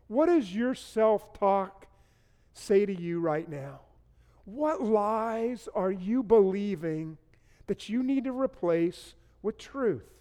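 A pastor with a strikingly high voice delivers an earnest sermon, pressing his online listeners with questions and repeating key phrases for emphasis. His words ring out with a long reverb trailing behind them. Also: mellow.

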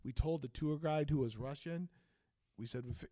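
A man's voice: normal speed, no echo. A man, a band director and teacher, telling a story in casual chat, acting out quotes with big jumps in his voice. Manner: animated, acts out quotes with big pitch jumps.

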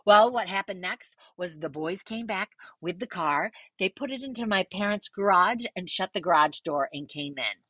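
A middle-aged woman tells a wild personal story on her podcast in a casual, animated way, cursing freely and playing out what people said. Her voice is bright and sharp, recorded close and dry with no room sound. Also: fairly low pitch, moderate pace, few pauses, dry recording. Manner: animated, swears freely, acts out quoted voices.

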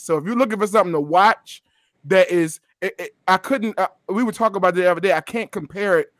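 A man co-hosting a casual podcast chat, animated and laughing, often repeating himself as he talks. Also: high-pitched, no echo, studio quality. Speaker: podcast co-host.

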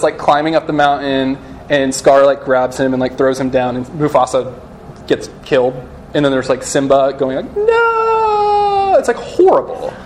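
A man's voice: on the high side, a little hiss or hum. A young man giving a casual sermon-style talk to a live audience of students, chatty and joking, full of "like" and "you know". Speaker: speaker at a campus student gathering.

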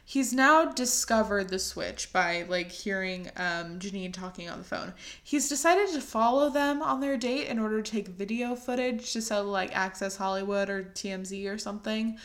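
A woman's voice: mid-range voice, moderate pace, fairly bright tone. A young woman co-hosting a casual podcast, recapping a movie in a chatty way with lots of fillers. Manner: chatty, fillers like "like" and "um", laughs often. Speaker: podcast co-host.

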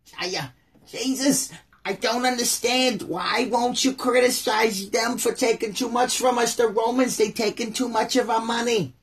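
A man putting on a high, whining voice for a crowd of pleading, complaining men. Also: steady tone, measured pace, breathy edge, exaggerated voice.

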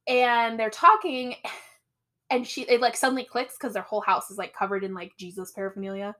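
A woman's voice: fairly high pitch, steady tone, fairly quick, bright, forceful tone. A young adult woman co-hosting a podcast, recapping a film in casual, filler-heavy chat and laughing often. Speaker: podcast co-host. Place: Portland area, Oregon.

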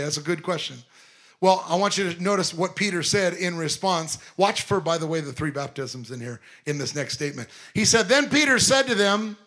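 A man preaching a sermon, animated, full of quick asides and rhetorical questions to the congregation. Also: high voice. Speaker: pastor.

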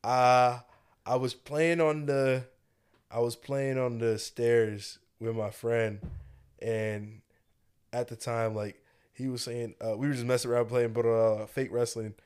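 Male podcast co-host, mid pitch, lively storyteller, slangy and loose. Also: measured pace, clear, resonant tone. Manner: animated storytelling, heavy slang, laughs often. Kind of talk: casual chat.

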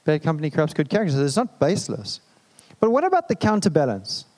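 A man's voice: fairly high pitch, huge pitch swings, fast talker, a little mellow. A man preaching a sermon in a conversational, humorous way, with jokes and asides to the congregation. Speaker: pastor.

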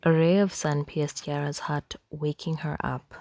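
A woman reads a tale in a hushed, unhurried whisper. Her voice sits low with a gravelly edge. The sound is dry and close. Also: steady tone, dry recording. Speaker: storyteller. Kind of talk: whispered storytelling.

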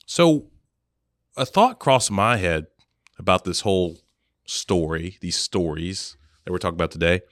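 A man co-hosting a podcast in casual chat, sarcastic and animated, laughing often. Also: sits low, measured pace, no echo, clean studio sound. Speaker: podcast co-host.

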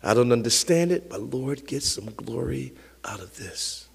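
An older man, a pastor, preaching a sermon with emphatic swells that sink to hushed, close tones, chuckling now and then. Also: medium pitch, expressive, a little slow, creaky, hardly any pauses, breathy edge. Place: church sanctuary. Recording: long reverb of a church hall.

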